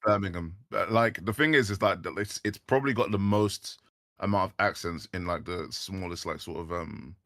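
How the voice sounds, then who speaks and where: British male guest, low voice, dry mic, chatty and quick to laugh. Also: dry recording. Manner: laughs often, animated banter. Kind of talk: casual live stream chat.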